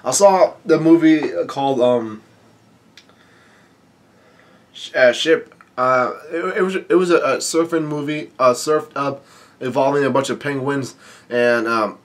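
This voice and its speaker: A man's voice: medium pitch, normal speed. A man hosting a manga read-along, reading lines aloud and rambling through his commentary with many fillers and restarts. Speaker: manga reading channel host.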